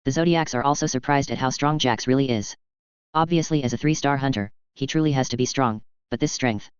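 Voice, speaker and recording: A man reads fan fiction aloud in a very clear, smooth voice at a middle pitch. The delivery stays even and plain. The recording is dry and a little dull, with a lo-fi sound. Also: fairly quick, no room sound. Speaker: audiobook narrator.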